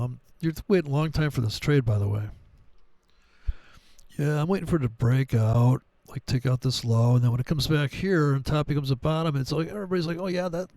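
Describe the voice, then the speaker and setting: A man's voice: fairly high pitch, a little mellow, dry recording. A middle-aged man giving casual, profane, wisecracking commentary on trading charts, wandering off on tangents.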